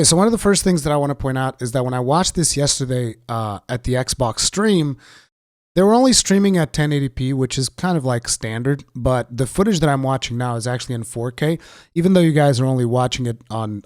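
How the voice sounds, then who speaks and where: Male gaming commentator, under the weather, mid pitch, opinionated and sarcastic, dry recording. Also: a little mellow, dry recording. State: sick voice. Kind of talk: casual reaction commentary.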